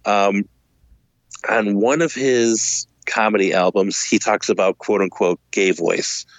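A man's voice: fairly low pitch, steady tone, slow pace, no room sound. A man in casual podcast chat, making a thoughtful argument and building his case step by step. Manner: thoughtful, argumentative, speeds up and laughs between points.

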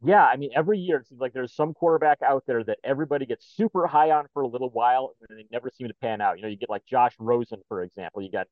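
A man co-hosting a podcast, calmly reading out numbers in casual chat. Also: medium pitch, very fast, hardly any pauses, dry recording, phone-quality sound. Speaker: podcast co-host.

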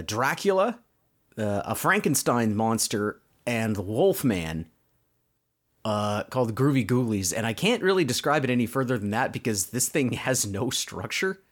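Lively, sardonic man in casual chat. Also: medium pitch, measured pace. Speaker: podcast co-host. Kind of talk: casual chat, recapping a cartoon.

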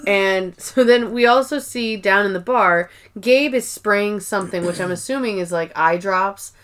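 A woman co-hosting a sibling podcast, retelling episode scenes in a casual, animated way and casually swearing. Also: medium pitch, normal speed. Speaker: podcast co-host. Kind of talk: casual recap chat.

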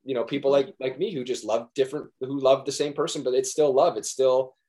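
A man's voice: mid-range voice, steady tone, a little fast, warm tone. A young man, an actor being interviewed, talking earnestly in a rambling way with many restarts. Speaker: actor guest. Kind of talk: casual interview chat.

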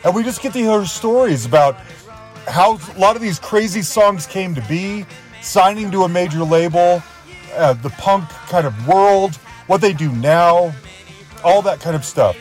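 A male podcast host with a slightly raised pitch opens the episode. He gushes like a fan, circling back over his own phrases. Music plays faintly beneath his voice. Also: animated, unhurried. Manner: enthusiastic, fan-like, repeats himself. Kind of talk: scripted podcast intro.

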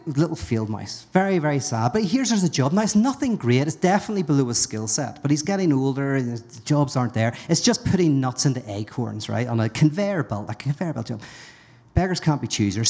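A guest speaker with a medium-pitched, slightly mellow voice tells a parable before a live audience at a brewery. He is playful and rambling, frequently cutting himself off.

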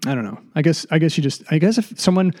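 Here a man with a fairly high, expressive, slightly mellow voice talks fast. Alone in a basement room, he hosts a comedy podcast full of self-deprecation, digressions, and mock voices, a bit breathless throughout.

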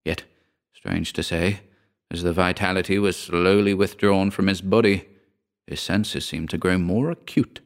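A man with a low, deep voice narrates an old ghost story. His reading is measured and expressive, with scripted storytelling delivery. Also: gravelly.

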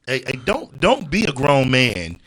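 A man's voice: medium pitch, huge pitch swings, measured pace, fairly bright tone, low-quality recording. A man talking as a podcast guest in casual chat, laid-back and peppering his talk with "you know what I'm saying.". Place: indoors, seated at a table with beers.

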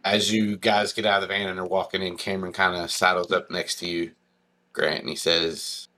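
A man's voice: sits low, little pitch movement, fairly quick, sharp tone. A man narrating a tabletop game as game master, loose and casual with plenty of filler.

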